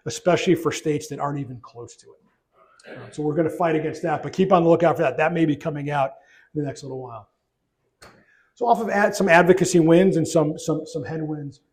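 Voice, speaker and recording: Middle-aged man, executive luncheon speech, conversational, restarts often, fairly high voice. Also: darkish tone. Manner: conversational, many restarts and fillers. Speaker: trade association chief executive. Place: banquet room.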